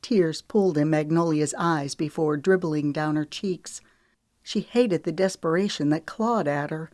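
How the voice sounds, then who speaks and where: A woman narrating a romance audiobook in a smooth, measured storytelling manner. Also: low-pitched, darkish tone, dry recording, studio quality.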